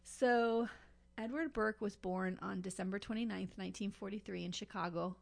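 A woman's voice: medium pitch, steady tone, moderate pace, vocal fry. A woman co-hosting a podcast, telling a story in a chatty way with lots of fillers and asides. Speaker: podcast co-host. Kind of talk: casual podcast chat.

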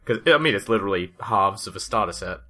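Man, podcast co-host, casual chat, short agreeing interjections, slightly low voice. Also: lively intonation, fast talker, sharp tone. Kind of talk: casual chat about tabletop miniatures news.

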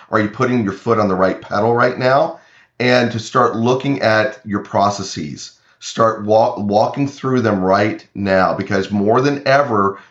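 A man's voice: on the low side, a bit bright, reverberant, muffled recording. A man talking about cloud security as an interview guest from his home, earnest and often repeating words as he speaks. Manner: earnest, repeats words, quotes imagined clients. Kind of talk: remote interview.

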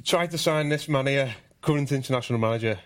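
A man, once a professional footballer, trades banter on a podcast panel. He fires off short quiz clues in a mid-pitched voice and chuckles between them. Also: fast talker, noisy background. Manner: clue-giving, chuckling, banter. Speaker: former footballer pundit. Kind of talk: casual panel chat.

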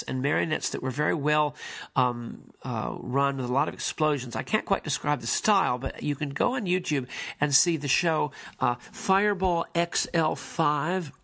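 Man, gravelly voice, mid pitch, film commentary, digressive, conversational. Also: sharp tone. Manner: digressive, conversational, emphatic asides. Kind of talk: casual spoken commentary.

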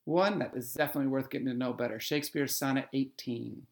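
A male English professor co-hosting a podcast about poetry. His voice has a gravelly, creaky texture, and he explains verse form in an easy, conversational manner, thinking aloud as he goes. His pitch sits in a middle range. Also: steady tone, quick pace. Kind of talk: conversational literary discussion.

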